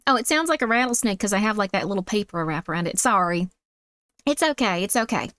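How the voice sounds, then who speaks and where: A young woman streamer with a squeaky voice and a put-on Southern accent, chatting sweetly with viewers and calling them sweetie. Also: animated, fast talker, fairly bright tone, no echo. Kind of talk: casual livestream chat.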